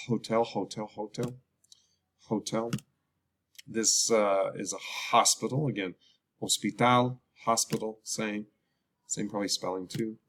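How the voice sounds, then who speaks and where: A man teaching English vocabulary in a casual lesson, slowly repeating each word and explaining its spelling. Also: fairly low pitch, fairly even intonation, a bit bright. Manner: repeats words slowly, drawn-out pronunciation drills. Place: lives in Colombia.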